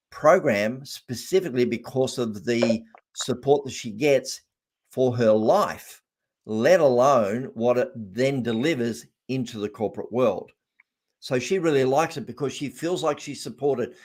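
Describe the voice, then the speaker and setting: A man speaks as a guest coach on a video call, in a chatty storytelling way. He often repeats words as he goes. His pitch sits in the middle range for a man. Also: darkish tone. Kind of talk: casual online interview.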